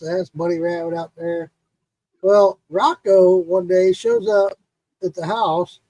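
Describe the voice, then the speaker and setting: Pria bersuara tinggi, bercerita kasar dan bersemangat. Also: male voice, high voice, no echo, rough recording. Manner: profane, animated storyteller. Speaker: livestream host. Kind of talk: casual storytelling chat.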